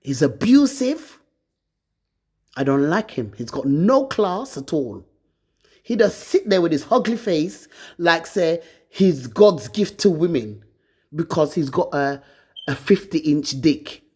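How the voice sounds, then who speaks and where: A woman's voice: low-pitched, animated, unhurried, darkish tone, husky. A woman vlogger ranting to her phone camera, bitter and accusing, swearing often. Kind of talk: angry personal rant to camera.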